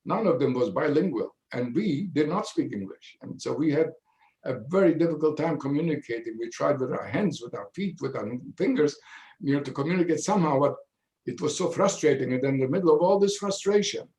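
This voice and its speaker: Elderly man with a mother tongue, halting. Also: fairly high pitch, lively intonation, a little mellow, roomy sound. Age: 90s. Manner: halting, measured storytelling with many pauses. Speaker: Holocaust survivor speaking to students. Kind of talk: personal testimony in a video Q&A. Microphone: video call.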